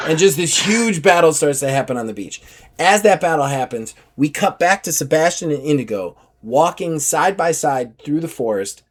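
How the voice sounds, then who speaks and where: A man acts as game master for a tabletop role-playing game, narrating in an animated way, laughing, and bursting into shouted character lines. His voice is a little high.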